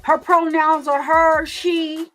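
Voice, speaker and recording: Woman, high voice, casual livestream crime commentator, emphatic and repetitive, faint music underneath. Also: level tone, slow, a bit bright. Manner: emphatic, repeats words, talks back to chat.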